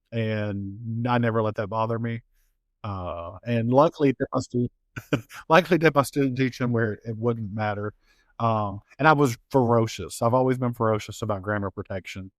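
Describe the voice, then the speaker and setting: A man with an Appalachian accent, a guest author in a casual interview, telling lively stories, laughing often and acting out the voices he quotes. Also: medium pitch, moderate pace, no room sound, clean studio sound. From Appalachian United States.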